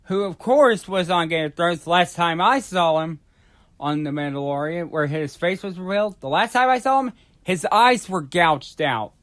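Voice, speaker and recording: A man vlogging a casual, rambling rant about movies, halting often with fillers and restarts. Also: high voice, a bit bright. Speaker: YouTube vlogger.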